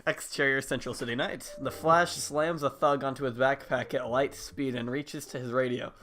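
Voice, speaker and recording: A man's voice: medium pitch, steady tone, normal speed, sharp tone, soft background music. A man joking and teasing his co-reader during a comic script read-through.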